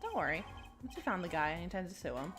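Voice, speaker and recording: A woman voicing a teasing middle-aged father who speaks in a dry, calm way. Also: fairly low pitch, quick pace, over music, pitched below the performer's own voice.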